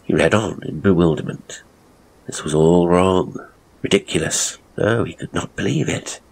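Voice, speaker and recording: Very deep gravelly male narrator. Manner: measured, deliberate storytelling. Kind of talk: scripted horror story narration.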